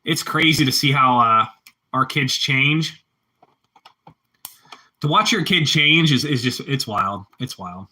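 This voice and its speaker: Middle-aged male vlogger, very bright tone, rambling casual chat, repeats lines. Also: mid-range voice, lively intonation, takes it slowly, long pauses. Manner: rambling, repeats himself, self-mocking.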